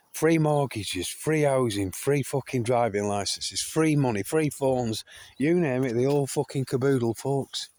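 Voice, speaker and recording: In a dry recording, an older man from the United Kingdom speaks in a mid-range, slightly mellow voice, ranting to his viewers as a video blogger. He curses heavily, keeps calling them folks, and emphatically repeats and restarts.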